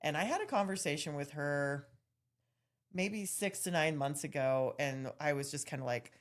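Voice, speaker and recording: A woman with a notably low, deep speaking voice chats casually as a podcast co-host. She tells candid stories in an animated way, with bursts of laughter. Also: a little fast. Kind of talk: casual chat.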